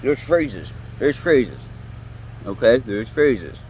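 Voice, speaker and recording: A man's voice: mid-range voice, sing-song, slow pace, darkish tone, slight background noise. A man in his late thirties giving a profane, rambling, heated monologue outdoors. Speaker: vlogger. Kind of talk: ranting monologue. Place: outdoors near woods.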